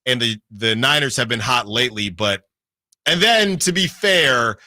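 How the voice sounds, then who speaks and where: Animated and forceful, a man with a bright, medium-pitched voice talks at a moderate pace on sports radio, listing team records and correcting himself as he goes. The sound is studio quality with no room sound.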